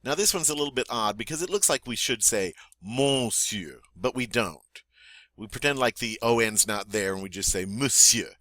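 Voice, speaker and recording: A man teaching a French vocabulary lesson, saying each word clearly and patiently, then asking the learner to repeat it. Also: mid-range voice, animated, a little fast, pushed and bright, dry recording. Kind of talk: spoken language lesson.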